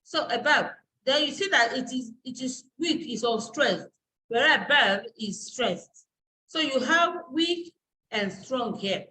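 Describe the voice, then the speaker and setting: A woman's voice: high voice, expressive, unhurried, sharp tone, slight background noise, rough recording. A woman university lecturer and dean giving a live online class, explaining step by step and searching aloud for terms.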